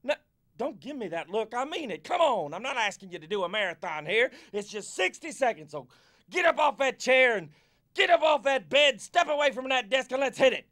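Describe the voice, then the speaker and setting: An actor playing a goofy, hyper male sports coach who loudly leads kids through a workout in an educational video. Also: extremely high pitch, very animated, fairly quick, heavily acted. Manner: loud, pep-talking, bossy and playful. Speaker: fitness coach.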